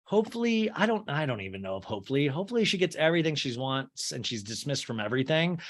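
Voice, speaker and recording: A man's voice: fairly high pitch, very animated, fast. A man hosting a comedic podcast, recapping reality TV in a profane, exasperated way. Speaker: podcast host.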